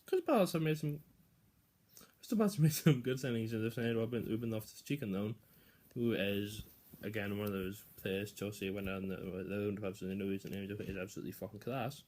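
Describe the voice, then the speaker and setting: A man's voice: lowish voice, quick pace, darkish tone, a little hiss or hum. Rambling, swearing young Englishman. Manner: rambling, swearing, restarting often. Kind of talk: casual football predictions vlog.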